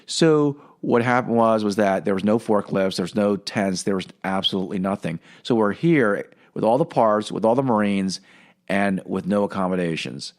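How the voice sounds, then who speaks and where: Guy on a podcast, kinda low voice, rambling story w lots of ums and uhs. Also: normal speed, a little mellow. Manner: rambling, with many fillers and restarts. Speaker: podcast host. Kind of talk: casual storytelling.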